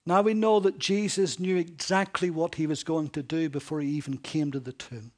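Male preacher, slightly high voice, earnest expository sermon with dramatic soft-loud swings. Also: steady tone, normal speed. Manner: earnest, dramatic shifts between loud emphasis and soft hushed lines.

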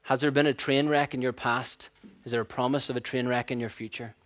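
A man preaching a sermon, animated and storytelling, acting out voices and laughing at his own stories. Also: medium pitch, brisk.

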